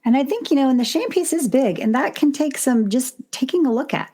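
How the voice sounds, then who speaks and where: Husky, mellow-voiced woman coach. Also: high-pitched, animated, fairly quick. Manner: open, frank and encouraging. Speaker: guest, sex and relationship coach. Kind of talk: casual podcast chat.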